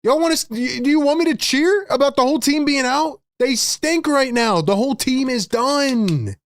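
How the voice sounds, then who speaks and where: A man on a live sports stream rants to his chat in a high, agitated voice, dropping "bro" into nearly every line. The sound is dry and close, with no room around it. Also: normal speed, dry recording. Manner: frustrated, ranting, says "bro" a lot. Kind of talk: live stream fan rant.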